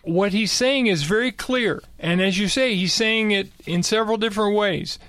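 High-voiced older man, emphatic. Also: moderate pace, a bit bright, no echo. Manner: emphatic, repeats key words. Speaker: co-host. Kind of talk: casual Bible discussion.

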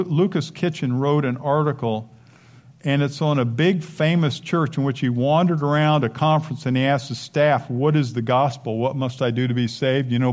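An older man preaching a sermon as a pastor, emphatic and conversational, with frequent asides. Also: a little high.

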